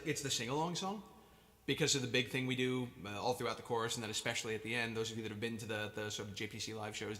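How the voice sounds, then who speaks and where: A man's voice: mid-range voice, sharp tone. A man who is a musician hosting a live stream, chatting casually between songs in a rambling, self-mocking, jokey way. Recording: reverb with guitar in background.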